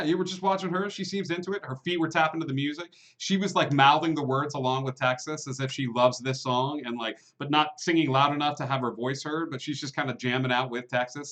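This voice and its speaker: A man running a tabletop game as game master, narrating scenes with many pauses and fillers. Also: medium pitch, a bit bright. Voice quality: hesitant, full of fillers.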